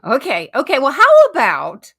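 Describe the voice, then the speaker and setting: Bright, high-pitched playful woman host. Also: wildly swooping pitch, normal speed. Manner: playful, teasing, self-mocking. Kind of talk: casual comedy banter.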